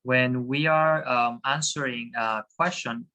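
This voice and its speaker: A man's voice: mid-range voice, steady tone, takes it slowly, bright, forceful tone, lo-fi sound, slight background noise. A man teaching a class over a video call, hesitant, with many fillers and restarts. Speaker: Spanish teacher.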